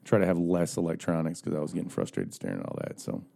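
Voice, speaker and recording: A low, gravelly man talks fast and telling a rambling, profane fishing story. His voice sits dark and heavy. He acts out the other anglers' lines as he goes. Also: sing-song. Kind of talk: casual chat.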